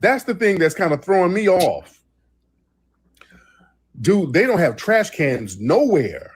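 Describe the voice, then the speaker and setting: A man's voice: sits high, sing-song, slow pace, husky. A man hosting a casual livestream chat, telling rambling, profanity-laced stories. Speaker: host.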